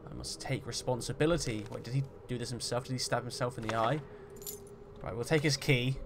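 A man hosting a game roleplay, talking through it in a chatty, jokey way and getting loud and jumpy when startled. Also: medium pitch, steady tone, fairly quick, background noise. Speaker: gaming roleplay host. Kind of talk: roleplay let's-play commentary.

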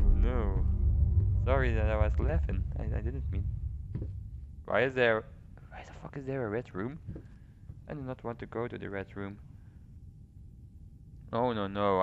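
A man's voice: on the low side, unhurried, long pauses, lo-fi sound, slight background noise. A man playing a horror game on his channel, swearing, shrieking in panic and laughing nervously. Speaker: let's play host. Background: game music.

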